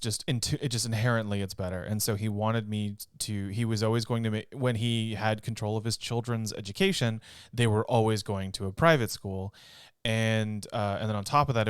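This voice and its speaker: A man's voice: lowish voice, steady tone, fairly quick, smooth, no echo, studio quality. A man co-hosting a gaming podcast, chatting casually and rambling while he laughs often. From North Texas. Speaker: podcast co-host.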